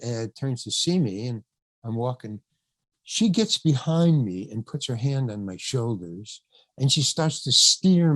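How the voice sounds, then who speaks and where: An older man, a podcast guest, telling an anecdote in a rambling, halting way, full of restarts and asides. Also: medium pitch, no room sound. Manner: rambling, halting, many restarts and "you know". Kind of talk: storytelling anecdote in casual chat.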